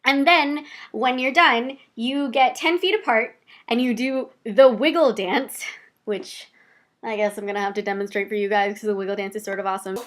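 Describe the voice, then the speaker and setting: Chatty young woman with a higher voice. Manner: chatty and animated, with quick asides. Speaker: vlogger. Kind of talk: casual personal storytelling to camera.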